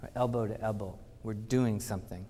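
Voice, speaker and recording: A man giving a conference talk, telling animated anecdotes and acting out the quotes. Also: fairly low pitch, a little fast. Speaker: conference speaker. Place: conference hall. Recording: reverberant conference hall.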